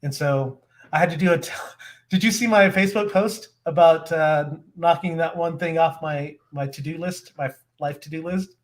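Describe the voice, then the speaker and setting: A man's voice: fairly high pitch, normal speed. A slightly congested man co-hosting a casual video-call chat from home, laughing often as he tells stories. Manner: laughs often, animated storytelling. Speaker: co-host.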